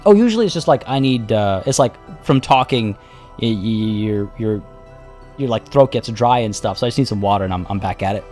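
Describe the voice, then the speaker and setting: A man's voice: on the low side, lively intonation, brisk, darkish tone, soft background music. A man giving live commentary on a strategy game, thinking aloud and chatting with his viewers while losing his voice. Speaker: game streamer.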